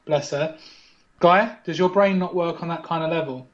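A man's voice: a little high, moderate pace, muffled recording. Playful man hosting a mock quiz. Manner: playful, teasing, mock-commentator patter. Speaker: podcast host. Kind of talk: mock game-show hosting.

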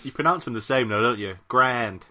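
A man's voice: medium pitch, fairly quick. A man co-hosting a podcast, dry and sarcastic in casual chat. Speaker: podcast co-host. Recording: loud background noise.

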